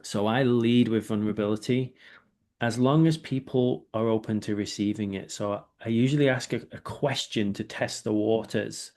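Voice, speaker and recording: A man, speaking as a guest in a candid, reflective interview and often checking in with a quick 'right?'. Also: on the low side, steady tone, a little mellow. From England. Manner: reflective, with many filler words and rhetorical 'right?'.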